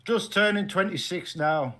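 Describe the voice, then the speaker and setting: High-voiced animated man. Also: normal speed. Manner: animated, playfully dramatic storytelling. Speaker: guest fantasy football creator. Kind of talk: casual watchalong chat.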